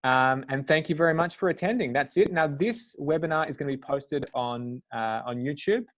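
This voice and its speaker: A man hosting a live online webinar in a relaxed, halting way, with many fillers. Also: fairly high pitch. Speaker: webinar host.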